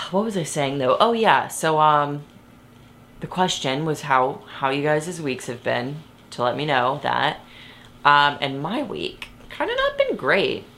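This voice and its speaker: Low-voiced young woman, rambling podcast chat. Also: slow, gravelly, a bit bright, a little hiss or hum. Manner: rambling, self-interrupting, laughs often. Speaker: podcast host. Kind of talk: casual chat. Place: bedroom, sitting on her bed.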